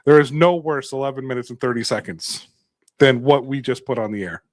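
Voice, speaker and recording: A man's voice: medium pitch, brisk, no room sound. A man from Canada co-hosting a sports podcast, talking in a sarcastic, ranting, jokey way. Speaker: podcast co-host. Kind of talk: casual chat.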